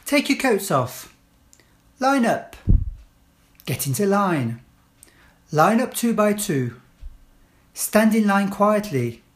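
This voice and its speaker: A woman reading classroom English phrases one at a time, clearly and deliberately, as a language teacher. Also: mid-range voice, sing-song. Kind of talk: slow read-aloud list of classroom phrases.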